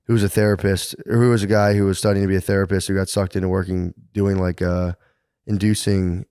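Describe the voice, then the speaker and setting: A man's voice: deep voice, level tone, fast, mellow, clean tone, no room sound, studio quality. A man co-hosting a podcast, telling a long story in a rambling, profane way, full of "like" fillers. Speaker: podcast co-host. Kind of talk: casual chat.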